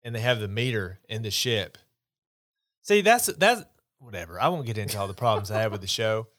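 A man's voice: lowish voice, animated, brisk, a bit bright. Opinionated man ranting on a podcast. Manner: opinionated, rambling, dismissive. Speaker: podcast host. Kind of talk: casual chat.

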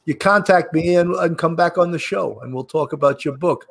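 A man's voice: fairly high pitch, moderate pace, creaky, a bit bright. A man hosting a podcast, chatty and upbeat, often laughing as he thanks his guest. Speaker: podcast host. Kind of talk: casual podcast chat.

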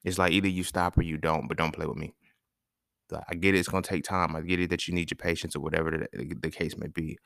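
Young male podcast host, deep gravelly voice, dry close sound, loose profane storytelling. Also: little pitch movement, fast, a bit bright, no room sound. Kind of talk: casual monologue.

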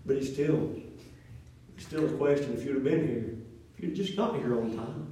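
A man's voice: medium pitch, normal speed, mellow. A middle-aged man preaching a sermon in a church, folksy and conversational with call and response. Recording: echoey room from far off.

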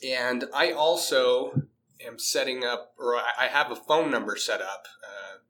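A man's voice: mid-range voice, a little slow, pushed and bright, rough recording. A man hosting a podcast in casual chat, talking through a cold with fillers and restarts. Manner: chatty, many fillers and restarts. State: has a cold. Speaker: podcast host.

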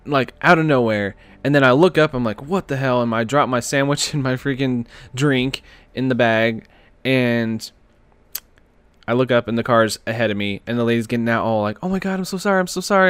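A man's voice: medium pitch, clear, resonant tone, no room sound. A man hosting a podcast, telling a personal story in a casual, chatty way with many fillers and restarts. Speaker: podcast host.

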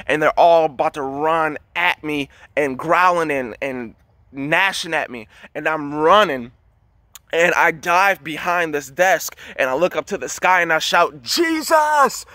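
A man's voice: fairly high pitch, bright, forceful tone, no room sound. A man telling a long story in a casual, rambling way, with many fillers and restarts. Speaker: dream teller.

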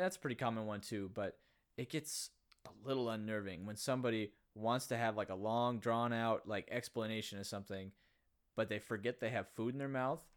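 A man's voice: medium pitch, smooth. Joking man in casual chat. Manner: jokey, bursts into shouted impressions.

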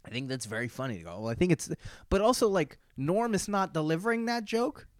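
A man's voice: sits high, expressive, quick pace, dry recording, clean studio sound. A young man co-hosting a podcast, chatting casually and animatedly with lots of fillers and laughs. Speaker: podcast co-host. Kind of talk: casual chat.

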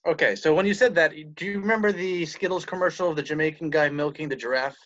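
A man trades dry, sarcastic quips in a casual chat, his voice sitting a little high for a man. The recording sounds dull and lo-fi. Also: fast talker, a bit bright, no echo.

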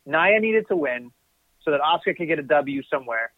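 A man's voice: fairly high pitch, expressive, brisk, no room sound. A man co-hosting a podcast in casual chat, rambling and correcting himself as he gives his opinions. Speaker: podcast co-host. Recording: tinny phone-like line, dry.

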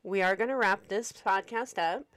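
A woman co-hosting a podcast, wrapping up the episode in a relaxed, slightly scattered way. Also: medium pitch, moderate pace. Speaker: podcast co-host. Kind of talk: casual podcast sign-off.

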